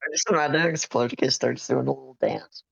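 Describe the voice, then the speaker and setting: A player joins a tabletop game, speaking hesitantly and with wry humor. The voice is gravelly, and the recording is dull, dry and lo-fi. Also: medium pitch, fast talker, a bit bright, dry recording. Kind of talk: casual in-character play. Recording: dull, lo-fi mic.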